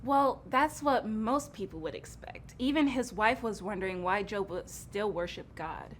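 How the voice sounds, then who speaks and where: A woman co-hosting a kids' church show, patiently telling a Bible story in a gentle, amused way. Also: medium pitch, a little slow, a little hiss or hum.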